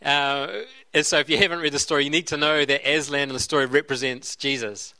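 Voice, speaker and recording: A man preaches a sermon earnestly and often circles back to restart and repeat his phrases. His voice is bright and forward and sits a little high for a man. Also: level tone, a little fast. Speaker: pastor.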